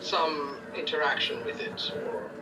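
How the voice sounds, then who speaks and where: A man's voice: a little high, measured pace, lightly acted. A man playing a courteous noble adventurer in a tabletop game, speaking formally and at length. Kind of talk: tabletop role-play. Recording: distant mic with noise.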